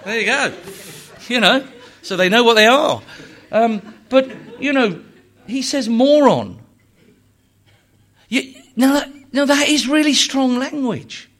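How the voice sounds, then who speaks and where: A man preaching a sermon, emphatic and full of rhetorical questions and repetition, swinging between hushed and loud delivery. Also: very high-pitched, measured pace.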